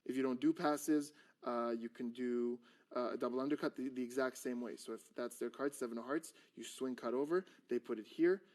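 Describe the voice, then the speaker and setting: A man walks through a card trick step by step in relaxed, conversational talk. His pitch sits mid-range, and he slips into mock-annoyed patter as he plays it out. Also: a little fast. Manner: animated, acts out exasperated patter with a drawn stick figure. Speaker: magician teaching a card trick. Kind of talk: casual teaching chat.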